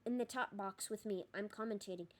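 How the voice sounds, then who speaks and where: A woman's voice: mid-range voice, fairly quick, close to an everyday voice. A woman voicing a cheerful, chatty male sports official in an audiobook reading. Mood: breezy. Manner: jovial, chatty.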